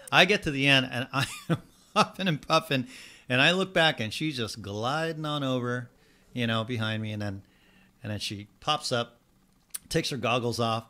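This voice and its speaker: Animated man telling stories on radio. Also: medium pitch, normal speed. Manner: animated storyteller, acts out quotes. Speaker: wellness life coach guest. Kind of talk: radio studio chat.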